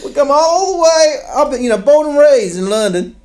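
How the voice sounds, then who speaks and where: A man's voice: extremely high pitch, lively intonation, normal speed, darkish tone, voice pushed up. A man doing a jokey impression of a famous footballer, boastful and repeating himself. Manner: breathless, boastful, repeats "no doubt about it".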